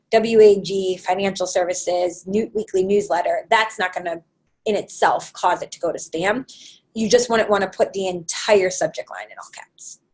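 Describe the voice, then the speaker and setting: A woman's voice: mid-range voice, slightly rough, low-quality recording. Chatty woman hosting a webinar Q&A. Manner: conversational, frequent fillers. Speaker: webinar host. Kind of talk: live webinar Q&A.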